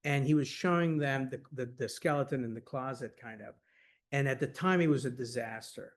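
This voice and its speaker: At a scholarly workshop, a man with a medium-pitched voice tells stories in an animated, conversational lecture. He talks quickly and enthusiastically, filling his speech with "like" and "you know" and sometimes laughing as he goes.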